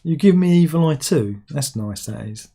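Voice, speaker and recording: A man's voice: on the high side, expressive, normal speed, vocal fry, dark tone, slightly rough. A man hosting a casual livestream, reading out viewer comments with wry, rambling asides. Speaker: livestream host.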